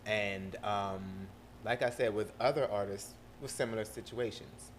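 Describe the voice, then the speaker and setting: A man with a South Carolina Lowcountry accent, talking casually as a podcast guest and switching between proper and Southern speech. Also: fairly even intonation, measured pace, a little hiss or hum.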